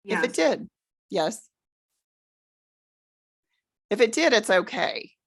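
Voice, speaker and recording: A middle-aged woman leading a room through a guided relaxation exercise, giving slow, soothing instructions. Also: mid-range voice, big pitch swings. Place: presentation room with an audience.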